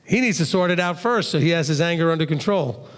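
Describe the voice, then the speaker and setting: A man with a high voice gives a conversational Bible teaching, lively and full of rhetorical questions. He acts out little quotes as he explains. His voice carries a long hall reverb. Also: fast talker.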